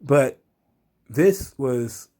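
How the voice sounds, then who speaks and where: A man giving a casual recap of a wrestling show, excitable, chuckling, swearing freely. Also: medium pitch, drawn-out words.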